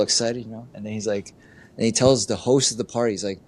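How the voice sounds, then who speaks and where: Gravelly low-voiced man telling stories. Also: a little fast. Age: middle-aged. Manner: animated storyteller acting out quoted people, frequent "you know". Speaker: interview guest, life coach and barista. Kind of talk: candid conversational storytelling.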